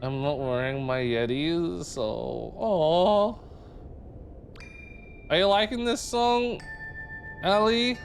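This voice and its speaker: A man's voice: a little high, takes it slowly, vocal fry, long pauses, faint music behind. A man streaming a game live, chatting casually and playfully with viewers and humming tunes between remarks. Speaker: livestreamer.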